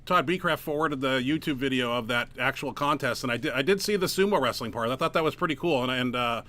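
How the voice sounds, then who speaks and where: A man's voice: medium pitch, sharp tone. A man hosting an interview podcast, chatting casually and cheering on his guest. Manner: enthusiastic, quick to laugh and cheer the guest on. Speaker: podcast host.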